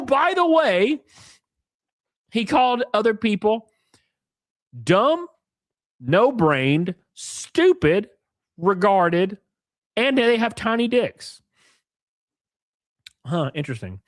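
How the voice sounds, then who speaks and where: A high-voiced man live-streams while drinking, reading posts aloud and ranting at them in a mocking, profane, animated way. The audio has no echo and is studio quality.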